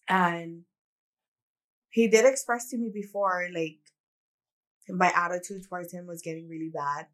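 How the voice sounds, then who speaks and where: A woman with a lowish voice hosts a casual podcast chat. She tells personal stories in a candid, reflective way, with lots of "like" and "you know". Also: steady tone, measured pace, long pauses. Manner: candid, reflective storytelling with many "like"s. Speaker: podcast co-host.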